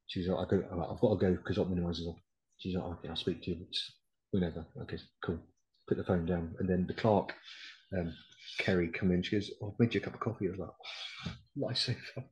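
A middle-aged British man, decorated RAF Regiment veteran and podcast guest, speaks fast in a low-pitched, steady, darkish voice. He recounts his story bluntly in a casual interview, full of swearing and quotes from others, and the audio is muffled.

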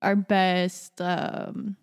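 A young woman co-hosts an advice podcast, rambling casually with many restarts. Her lowish voice is flat, extremely slow, clear and resonant, recorded in a large hall.

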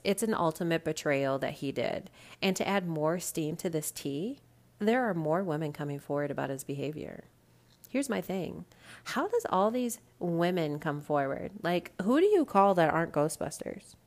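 A woman hosting a casual pop culture gossip podcast, blunt and sassy, swearing freely and firing off rhetorical questions. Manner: swings to loud, high exclamations for emphasis. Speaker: podcast host.

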